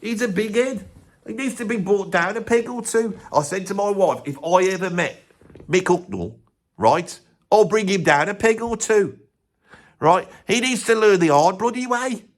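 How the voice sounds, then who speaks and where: A man's voice: high voice, animated, normal speed. A man voicing an opinionated older Birmingham bloke in his sixties, with a Birmingham accent, ranting in a comedic monologue full of swearing and stumbling restarts. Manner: blustering rant, swears constantly, stumbles and restarts. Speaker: comedy character ranting to camera.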